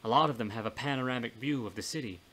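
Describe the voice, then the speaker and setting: A man's voice: mid-range voice, fast talker, fairly bright tone, lightly acted. A man voicing a blunt, folksy older woman's ghost in a storybook reading, with a plain-spoken, scolding manner. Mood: urging.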